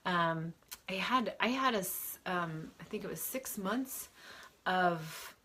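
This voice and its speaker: A woman with a fairly low voice speaks in a casual live question-and-answer session. She is chatty and reassuring, and she keeps restarting her sentences and filling pauses with "um" and "you know." She sounds middle-aged and talks like a medium answering her viewers. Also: animated, pushed and bright, slight background noise.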